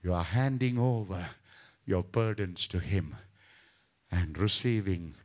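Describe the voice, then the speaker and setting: Taking it slowly, a male pastor delivers a fervently passionate sermon that climbs into shouting and sinks into quiet, low passages. Scripture references come up again and again.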